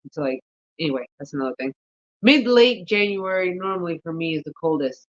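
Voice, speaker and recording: A sleepy woman chats casually about her gardening, rambling as she thinks aloud and stopping to yawn. Her voice sits fairly low for a woman. The recording sounds dull and lo-fi. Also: fairly quick. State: sleepy, yawning. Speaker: gardening vlogger.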